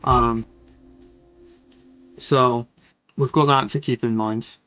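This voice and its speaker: A man's voice: medium pitch, fairly even intonation, takes it slowly, a bit bright, lo-fi sound. A young man streaming casual commentary, rambling loosely with fillers and the odd swear. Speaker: streamer reviewing music. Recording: faint music in background. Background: faint music.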